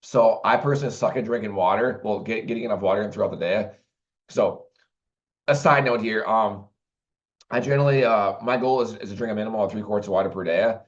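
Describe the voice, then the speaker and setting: A man's voice: on the low side, fairly quick. Rambling man on a dull, lo-fi recording. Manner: rambling, with many restarts and fillers. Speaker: vlogger. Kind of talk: casual monologue to camera.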